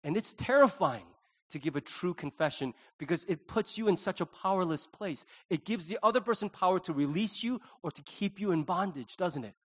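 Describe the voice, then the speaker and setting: High-voiced man preaching a sermon. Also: animated, fairly quick, a bit bright. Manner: conversational preaching with acted-out quotes. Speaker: pastor.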